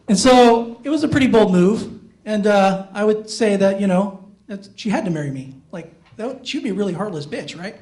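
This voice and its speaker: A man with a high, light voice telling self-deprecating stories in a stand-up comedy set on a small theater stage. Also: animated, fairly quick, a little mellow, poor audio. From Iowa, USA. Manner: self-deprecating storytelling, jumps up in pitch for inner thoughts.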